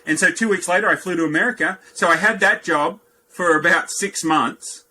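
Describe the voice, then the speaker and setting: A man in his fifties with an Australian accent, a podcast guest telling lively anecdotes and jumping up in pitch for quoted lines. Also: moderate pace, slight background noise, low-quality recording. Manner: animated anecdotes, jumps high for quoted lines. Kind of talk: storytelling in a podcast interview.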